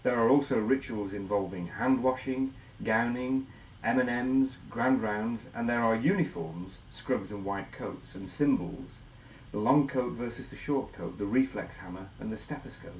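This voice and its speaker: A man's voice: medium pitch, a little hiss or hum. Man explaining in an echoey room. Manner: measured, explanatory, asks guiding questions. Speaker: instructor. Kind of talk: scripted educational presentation.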